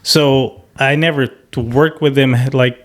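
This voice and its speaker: Young male co-host, easygoing and halting delivery, middle pitch, casual conversational tone. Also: steady tone. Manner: laid-back, halting, loses his train of thought. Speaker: podcast co-host. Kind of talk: casual chat.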